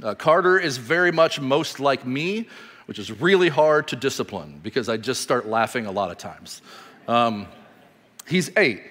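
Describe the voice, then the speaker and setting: A man in his thirties preaching a sermon as pastor, telling stories animatedly and swinging from loud bursts to quiet, slow emphasis. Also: medium pitch, expressive. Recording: reverberant hall.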